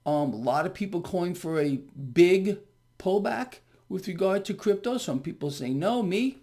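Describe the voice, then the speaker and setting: A man's voice: high voice, lively intonation, moderate pace, dark tone. Man, market commentator, emphatic, repetitive, talks straight to viewers. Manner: emphatic, repeats words, keeps asking viewers "okay?"; calls his audience "people". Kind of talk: direct-to-camera market commentary.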